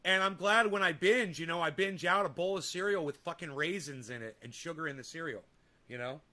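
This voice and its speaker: A man's voice: on the high side, brisk, sharp tone. A man hosting a livestream, reading chat comments and answering them in a profane, combative, rambling way. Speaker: livestream host.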